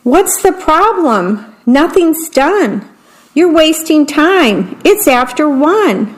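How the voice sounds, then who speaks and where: A bossy, harried storybook mom who scolds her family in a raised, high voice, as a woman reading aloud puts her on. She talks at a slow, read-aloud pace. Her tone is impatient and brisk. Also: big pitch swings, heavily acted. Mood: scolding. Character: bossy busy mother, impatient.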